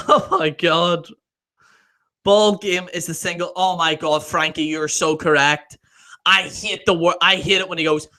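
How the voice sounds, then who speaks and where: A man's voice: sits high, fairly even intonation, measured pace, pushed and bright. A man hosting a casual live stream, reading viewer comments aloud, laughing often, swearing freely and trailing off mid-sentence.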